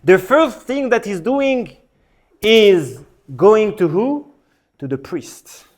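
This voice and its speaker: A man, a rabbi, giving a lesson as an animated story, repeating words for emphasis. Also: high-pitched, slow pace. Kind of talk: storytelling sermon. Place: synagogue hall.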